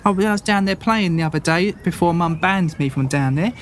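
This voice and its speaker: Man putting on a squeaky excited young boy. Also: moderate pace, a little hiss or hum, natural voice. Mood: eager. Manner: high-pitched, eager and boastful. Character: excitable young farm boy playing knight.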